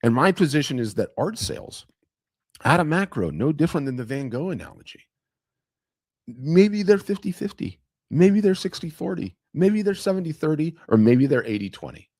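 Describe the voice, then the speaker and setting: Animated man with a lively pitch. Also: moderate pace, dry recording, clean studio sound. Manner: emphatic, rambling, repeats phrases for effect. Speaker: host of an art business webinar. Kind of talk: animated motivational talk to camera.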